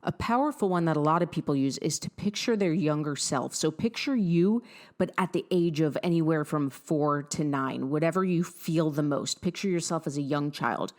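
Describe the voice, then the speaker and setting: Young woman podcast coach, lowish voice, upbeat and direct, talking straight to you. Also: moderate pace, darkish tone. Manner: upbeat, direct and encouraging, talks straight to the listener. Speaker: podcast host, fitness and mindset coach. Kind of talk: motivational podcast monologue.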